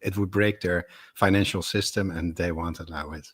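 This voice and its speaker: A man's voice: low-pitched, fairly even intonation, moderate pace, slightly rough. A man on a discussion panel, giving blunt, short answers. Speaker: panel guest. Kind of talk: casual discussion.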